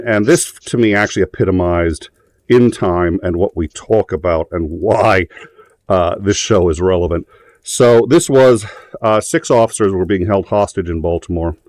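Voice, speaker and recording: A man hosting a live talk show, rambling through a story with plenty of cursing and filler words. His voice sits on the low side. The sound is dry, with no room echo. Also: a little mellow. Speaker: host. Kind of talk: casual live-show chat.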